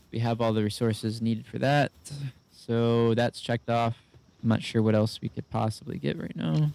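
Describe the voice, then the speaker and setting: Speaking in a mid-range voice with a darkish, clean tone, the gaming YouTuber offers casual let's-play commentary. He's frustrated, swears frequently and mutters to himself as he plays.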